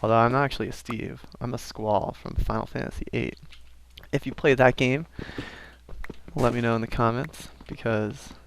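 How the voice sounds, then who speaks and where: Gravelly young man rambling over gameplay. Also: mid-range voice, fairly even intonation, moderate pace, a little hiss or hum. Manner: rambling, self-aware asides. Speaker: gaming commentator. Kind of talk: casual let's-play commentary.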